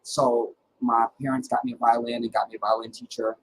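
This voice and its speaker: Animated middle-aged man telling stories. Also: medium pitch, a little hiss or hum, rough recording. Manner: animated and dramatic, with halting restarts. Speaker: livestream host. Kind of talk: casual personal storytelling.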